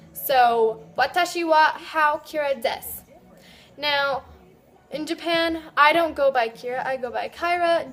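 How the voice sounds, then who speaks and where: Woman teaching, high voice, unhurried, chatty and loose, spells words out slowly, soft music behind. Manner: sounds out words slowly syllable by syllable. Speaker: Japanese language teacher. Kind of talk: casual video lesson.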